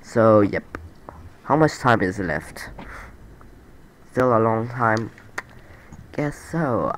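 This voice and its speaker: A man's voice: mid-range voice, slight background noise. Nasal-sounding man rambling over gameplay. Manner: rambling, repeats himself, self-deprecating. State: stuffy, nasal from a cold. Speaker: let's play creator. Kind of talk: casual gameplay commentary.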